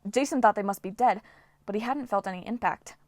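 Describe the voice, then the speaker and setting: A woman reading a novel aloud as an audiobook narrator, with steady, dramatic storytelling. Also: mid-range voice, a little fast, no echo. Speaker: audiobook reader.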